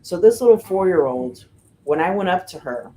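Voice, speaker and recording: A middle-aged woman from the United States, a fire lieutenant, telling stories casually in an interview, with lots of "you know" and "um" and lively voices for the people she quotes. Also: on the low side, moderate pace. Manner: chatty, fills with "you know" and "um", animated retelling of quotes. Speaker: firefighter lieutenant and guest.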